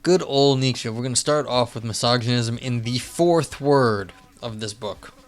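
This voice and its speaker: Rambling streamer man, smooth voice. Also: mid-range voice, unhurried. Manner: rambling, many fillers and restarts. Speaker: live streamer. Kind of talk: casual live-stream chat and reading aloud. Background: faint music.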